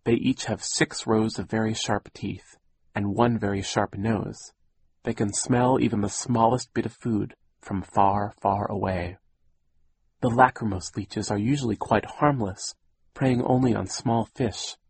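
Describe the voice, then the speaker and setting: A man's voice: on the low side, steady tone, measured pace, a little mellow, breathy edge, dry recording. A man voicing a fussy, anxious older widowed aunt who gets teary and speaks very properly, in an audiobook reading. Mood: fretful.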